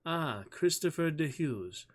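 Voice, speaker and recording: A man voicing a curious, earnest medieval boy who talks in a slow, formal, old-fashioned way. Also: on the high side, animated, voice pushed up. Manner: archaic formal speech, slow and deliberate.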